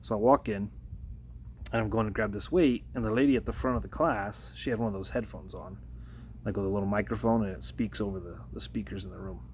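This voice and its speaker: Talking fast in a slightly mellow voice, a man tells a personal story into his phone camera for a casual vlog, with slight background noise. He is earnest but hesitant, restarting often, and his pitch rises as he retells the confrontation. He works as a workplace de-escalator.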